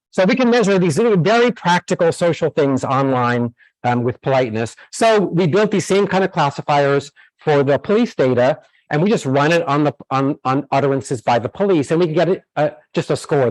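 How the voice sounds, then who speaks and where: A man's voice: a little high, no room sound, rough recording. Man giving a university lecture. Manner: explanatory, with many fillers and restarts.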